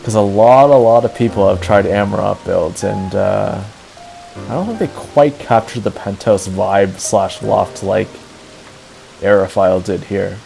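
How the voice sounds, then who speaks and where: A streamer with a lowish, creaky, dark-toned voice talks a little slowly over faint music, and the recording quality is low. He's touring a game housing build he admires, rambling earnestly and sentimentally with lots of fillers in casual chat.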